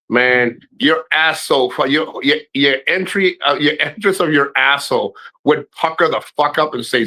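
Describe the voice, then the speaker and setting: A middle-aged man hosting a live stream, telling profane family stories to his chat in a casual, animated way, his voice jumping high when he quotes people. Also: normal speed, few pauses, poor audio. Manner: animated, swearing, voice jumps high for quoted lines.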